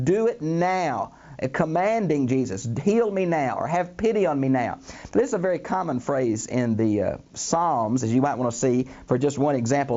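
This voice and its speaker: Speaking in a mid-range voice through a muffled recording, an older man delivers a Bible lesson from a recording studio. He's animated, greets listeners as "friends," dramatizes the voices he quotes, and leans heavily on "uh."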